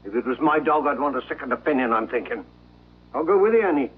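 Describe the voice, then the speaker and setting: A man's voice: mid-range voice, animated, fast, slightly rough. An actor playing a kindly, sympathetic village man, in an old film. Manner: gentle and sympathetic. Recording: tinny old film soundtrack with music.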